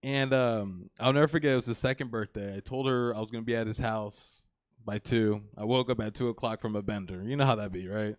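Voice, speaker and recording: A man's voice: fairly low pitch, a little fast, dry recording, studio quality. A young man in his twenties doing a live stand-up set on a comedy theater stage, rambling and crude, with plenty of "you know" and "like".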